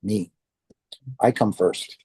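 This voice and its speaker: A man recounts his near-death experience to an audience in a mellow, warm voice. He tells it earnestly and acts out his own reactions along the way. The sound is close and dry, with no room around it. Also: on the low side, slow, husky, no echo. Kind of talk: personal testimony talk to an audience.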